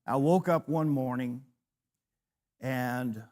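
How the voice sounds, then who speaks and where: A man in his sixties leads a church class, his voice pitched in the middle range. He talks in a storytelling way and pokes fun at himself as he goes. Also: slow, a little mellow. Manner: storytelling with self-deprecating humor. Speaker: preacher.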